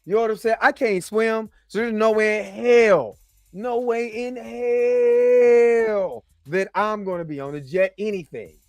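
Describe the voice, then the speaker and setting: A man hosting a casual reaction review, animated and joking as he talks straight to his viewers. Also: high-pitched, normal speed, few pauses, no room sound, faint music behind. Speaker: host and movie reviewer.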